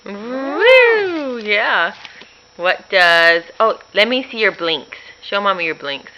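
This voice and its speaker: A woman's voice: mid-range voice, very animated, slow pace, dull audio, noisy background. A woman talking to her toddler at home in playful, coaxing baby talk, with frequent laughs. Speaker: mother.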